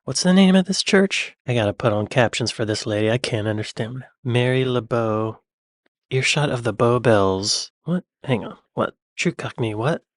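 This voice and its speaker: A man's voice: mid-range voice, expressive, moderate pace, dry recording, clean studio sound. An American man hosting a reaction channel, thinking aloud and asking puzzled questions in casual commentary. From United States.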